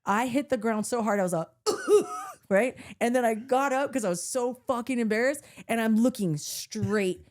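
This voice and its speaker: A woman's voice: a little high, normal speed, few pauses. A woman podcast host telling a story in casual chat, laughing often and swearing freely as she acts out the other people in it. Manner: animated, laughing, swearing freely, acting out voices.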